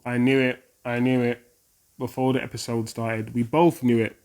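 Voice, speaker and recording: A British man in a relaxed back-and-forth about a TV episode, his voice sitting in an ordinary middle range. He gets animated and jumps up in pitch to act out what characters say. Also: moderate pace. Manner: animated, acts out characters' lines with a raised voice. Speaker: reaction channel co-host. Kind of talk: casual reaction chat.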